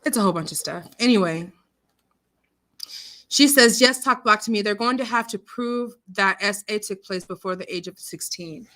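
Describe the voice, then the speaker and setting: A woman in casual live chat hosts a livestream, reading viewer comments aloud and pushing back on them with outspoken indignation. Her mid-range voice has a sharp tone and a normal speed, coming through a computer mic on a streaming call.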